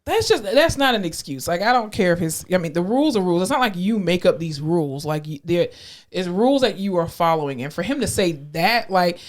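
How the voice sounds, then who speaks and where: A woman's voice: on the low side, animated, brisk. A young woman co-hosting a podcast, chatting casually, agreeing often and speaking emphatically with some swearing. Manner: emphatic, supportive, frequent agreeing interjections, swears. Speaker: podcast co-host. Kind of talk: casual chat.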